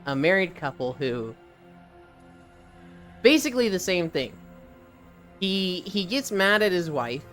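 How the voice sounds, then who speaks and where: Animated streamer chatting on a treadmill. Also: mid-range voice. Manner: reads chat aloud and riffs, animated storytelling. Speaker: live streamer. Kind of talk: casual stream chat while walking on a treadmill.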